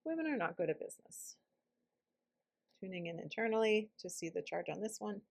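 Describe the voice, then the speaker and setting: A woman's voice: mid-range voice, animated, brisk, gravelly, a little mellow. A woman guiding a self-help tapping session, speaking reflectively and dropping to a whisper on some phrases. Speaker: EFT tapping practitioner.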